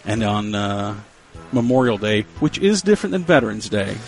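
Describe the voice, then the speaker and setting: A man's voice: on the low side, very animated, moderate pace, faint music behind. A man hosting a casual radio show, chatting in a playful, joking way. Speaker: radio host.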